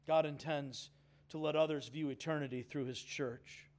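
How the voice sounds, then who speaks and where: A man's voice: fairly high pitch, steady tone, normal speed, darkish tone. A man preaching a sermon in an earnest, emphatic way, calling on the congregation to answer back. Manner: earnest, emphatic, with audience call-and-response. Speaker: pastor.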